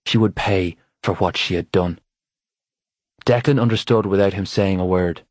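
A man with a deep, low voice narrates an audiobook in a steady, even manner. The recording is close and very dry, with no room sound. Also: moderate pace, dry recording. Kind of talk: scripted narration.

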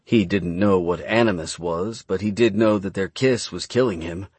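A man narrating a fantasy novel as an audiobook, reading in a measured, dramatic way. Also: sits low, a little mellow, slightly rough, no echo.

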